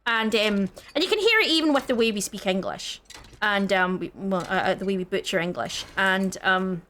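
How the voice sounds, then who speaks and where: A woman's voice: medium pitch, lively intonation, normal speed, bright, forceful tone, a little hiss or hum. Chatty Scottish woman gaming. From Scottish Highlands. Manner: rambling, many fillers and restarts. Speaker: gaming channel co-host. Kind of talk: casual chat while gaming.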